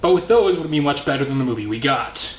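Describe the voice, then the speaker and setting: A man's voice: medium pitch, expressive, a little fast, echoey room, a little hiss or hum. Casual film-review host from Canada, man, self-correcting and jokey, with light background ambience.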